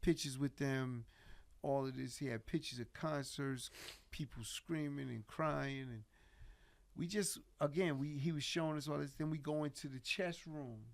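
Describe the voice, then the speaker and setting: A middle-aged man telling stories as a podcast guest in a casual, animated way. He swears freely and laughs through his tales. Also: a little high, moderate pace, creaky. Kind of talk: casual storytelling interview.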